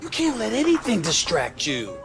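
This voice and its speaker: A man's voice: high voice, wildly swooping pitch, normal speed, gravelly, a bit bright, voice pushed up, exaggerated voice. A man doing a brash sports pundit impression. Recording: faint music behind.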